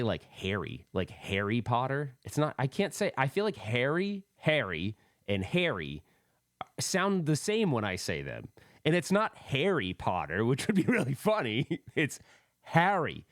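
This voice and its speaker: A man's voice: mid-range voice, very animated, normal speed, dry recording, studio quality. A man in his forties from the East Coast with a faint accent, hosting a casual solo podcast and rambling with self-amused laughs. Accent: faint East Coast American. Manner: rambling, laughs at himself, loose fillers. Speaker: podcast host.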